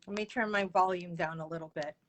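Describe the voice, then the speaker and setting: Over a video call, a woman hosts a live interview stream, chatting casually and greeting viewers by name. Her voice is fairly low and fairly even in intonation, and she talks fast.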